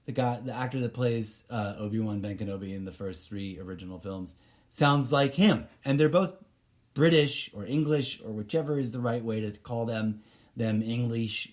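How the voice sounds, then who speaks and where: A man's voice: mid-range voice, moderate pace. A man hosting a solo podcast, talking casually in a rambling, opinionated way with many fillers and restarts. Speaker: podcast host.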